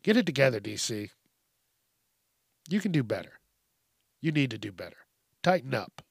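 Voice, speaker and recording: A man's voice: medium pitch, sing-song, moderate pace, creaky, slightly rough, no echo, clean studio sound. A man hosting his own podcast, ranting in a blunt, profane, rambling way. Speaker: podcast host. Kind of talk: casual monologue.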